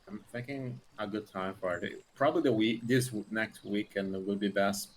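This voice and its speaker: A man's voice: lowish voice, moderate pace. A man on a voice call with a friend, laid-back and teasing, swearing casually. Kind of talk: casual banter.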